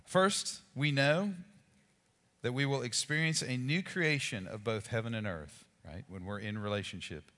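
A man's voice: mid-range voice, measured pace. Conversational preacher man in a reverberant hall. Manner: conversational, animated preaching with asides. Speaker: pastor. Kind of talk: sermon.

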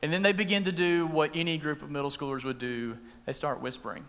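A youth pastor giving a casual, animated sermon and acting out the story as he goes. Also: a little high, fast talker. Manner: animated, conversational, acts out scenes. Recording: long reverb in a large room.

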